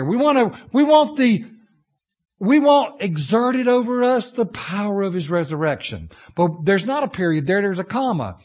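A man preaching to his congregation in a high, very lively voice. He tells homespun stories, jumping from loud outbursts to low, confiding asides. His pitch swings freely all through the sermon. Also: moderate pace. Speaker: pastor.

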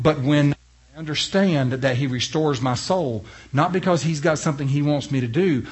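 A male pastor preaching a sermon in an emphatic way, swinging from hushed to loud and putting rhetorical questions to the congregation. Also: mid-range voice, husky.

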